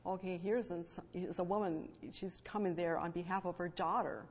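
A woman's voice: on the low side, steady tone, normal speed. Female preacher, emphatic sermon delivery, reverberant sanctuary sound. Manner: emphatic, swings between hushed and loud fervent stress. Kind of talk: sermon with scripture reading. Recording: long hall reverb.

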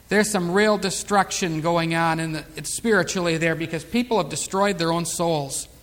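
Male pastor, high voice, Bible-study sermon, slow emphatic scripture reading, chatty asides, reverberant room. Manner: reads scripture slowly and loudly, chats and chuckles between verses. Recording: long reverb of a hall.

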